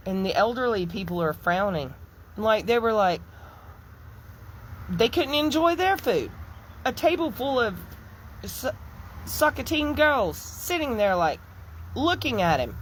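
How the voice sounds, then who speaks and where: A woman's voice: medium pitch, a bit bright, slight background noise. A middle-aged woman, giving emphatic, indignant commentary as she tells a personal story. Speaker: social media commentator. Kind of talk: impassioned stitch commentary.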